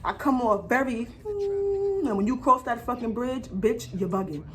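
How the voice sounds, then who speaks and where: A woman telling a story on her vlog in an animated way, full of swearing and slang. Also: fairly high pitch, moderate pace, slight background noise. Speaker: vlogger.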